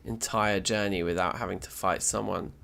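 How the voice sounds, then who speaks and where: Chatty let's play host, a man with a low, gravelly voice, talking over his game at a desk mic. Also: fairly even intonation, moderate pace, fairly bright tone, soft background music. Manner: chatty, self-mocking, thinks aloud. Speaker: gaming channel host.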